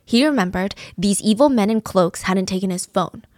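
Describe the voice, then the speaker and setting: A woman's voice: mid-range voice, normal speed, warm tone, dry recording, clean studio sound. A woman narrating a true crime story in a casual, vivid, conversational way, sometimes dropping to a whisper.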